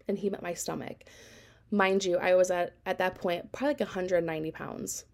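A woman's voice: on the low side, fairly even intonation, normal speed, creaky, darkish tone. A woman in her thirties hosting a podcast, telling her personal story in a candid, reflective way with frequent fillers. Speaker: podcast host.

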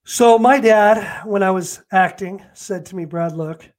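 A man's voice: sits high, fairly even intonation, a little slow. A man in his fifties, a real estate agent and coach, telling stories in an interview and acting out phone calls and quotes. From Los Angeles. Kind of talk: interview guest, storytelling.

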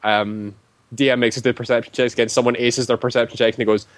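A man's voice: mid-range voice, level tone, fast talker, no room sound. A man casually recounting a tabletop game session, rambling with many filler words. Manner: rambling, heavy use of "like" fillers. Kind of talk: casual storytelling.

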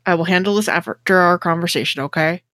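A woman's voice: lowish voice, fast talker, a bit bright, dry recording. A woman playing a tabletop game, speaking hesitantly with many fillers. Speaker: player. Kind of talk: tabletop role-play.

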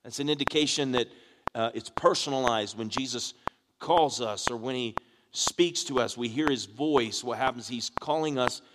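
A pastor preaches in a church sanctuary, questioning his congregation as his delivery builds in force. His voice is a mid-range man's voice with a long reverberant tail. Steady background noise sits under the recording. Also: mid-range voice, normal speed. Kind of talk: sermon. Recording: echoey hall with background noise.

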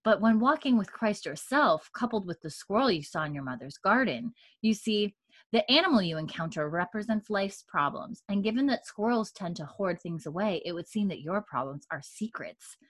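A woman voicing a poised young woman who is calm and cryptic, in a measured, softly theatrical delivery. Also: medium pitch, dry recording, close to an everyday voice.

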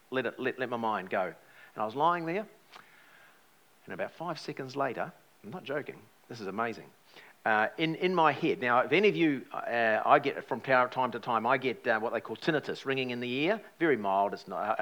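A man preaching to a church and telling a personal story with lively changes of voice. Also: medium pitch. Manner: animated storytelling, acts out his own past words. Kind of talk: sermon testimony.

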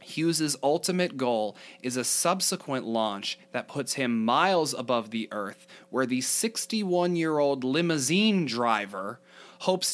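A man's voice: mid-range voice, expressive, unhurried. A man co-hosting a casual podcast reads a news story aloud and breaks into laughter at the odd parts. He stops often for asides and fillers, then goes back to reading. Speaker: co-host reading news articles.

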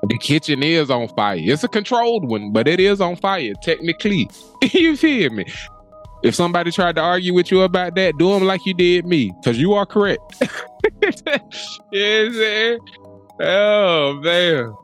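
A young adult man co-hosting a podcast, telling animated stories in casual chat, laughing often and swearing freely. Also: sits high, moderate pace, soft background music. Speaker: podcast co-host.

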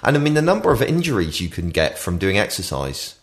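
A man's voice: low voice, huge pitch swings, fast talker. A man hosting a podcast, chatting in wry, teasing banter while complaining of the cold. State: shivering cold. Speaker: podcast host.

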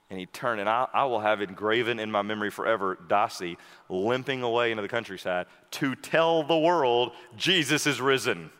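A man preaching a sermon, telling a story and then moving into a quiet, intimate prayer. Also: on the low side, normal speed, clean tone. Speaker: pastor. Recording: long hall reverb.

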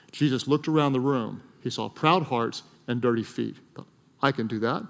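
A middle-aged man preaching a sermon in a large church, earnest, swelling to loud emphatic peaks and dropping to soft, hushed lines. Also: medium pitch, moderate pace, creaky. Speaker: pastor. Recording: long hall reverb.

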